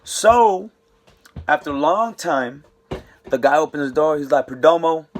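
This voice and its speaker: A man's voice: on the high side, animated, measured pace. Young man telling a rambling story. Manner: rambling, slangy, lots of fillers. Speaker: vlogger. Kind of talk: casual storytime.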